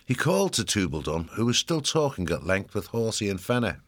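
A man reads a storybook aloud in steady, measured narration. His voice is very deep and low. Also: no echo, clean studio sound. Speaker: audiobook narrator. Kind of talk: scripted audiobook narration.

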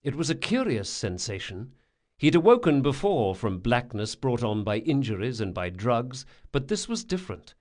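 A man reading an audiobook in a dramatic, expressive way. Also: medium pitch. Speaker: audiobook narrator. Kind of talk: scripted audiobook narration.

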